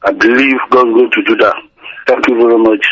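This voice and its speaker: A Nigerian-accented male caller who speaks passionately, in a halting and plain way, in a middle-pitched voice. He comes through a muffled, dry phone line that is relayed over the radio. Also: steady tone, no echo. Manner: impassioned, halting, plain-spoken.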